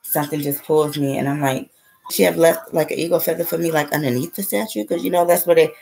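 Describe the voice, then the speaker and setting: Speaking fast in a deep, gravelly, somewhat dark voice, this woman keeps a steady tone as she rambles through a casual story. She's a spiritual vlogger who curses freely and keeps asking "okay?" and "right?" Faint music plays behind her on a low-quality recording.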